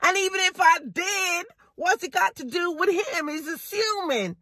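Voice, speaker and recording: A fed-up working woman, played by an actress, vents to a friend in a high, unhurried voice. She is indignant and swears freely as she talks. The sound is dry and close, with no room around it. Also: pushed and bright, dry recording. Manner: indignant, profane, ranting on the phone. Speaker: caller venting to a friend. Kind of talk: low-budget drama monologue.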